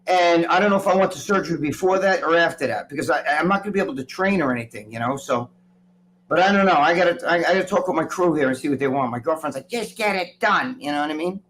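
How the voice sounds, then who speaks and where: A man co-hosting a live stream from home in casual chat, rambling and swearing in an excitable way. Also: a little high, fast talker, slight background noise, low-quality recording. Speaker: co-host, former bodybuilder.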